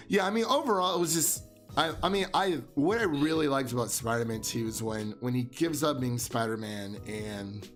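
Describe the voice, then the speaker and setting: A man's voice: mid-range voice, moderate pace, soft background music. A man co-hosting a movie review show, chatting casually and jokingly with a friend, with plenty of swearing. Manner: lively, joking, profane. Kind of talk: casual chat between friends.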